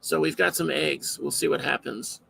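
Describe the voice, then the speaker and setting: Male podcast host, very gravelly, bright edge, rambling casual delivery. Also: on the high side, fairly even intonation, normal speed, slight background noise, rough recording. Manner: rambling, loose and self-interrupting. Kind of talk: casual live podcast chat.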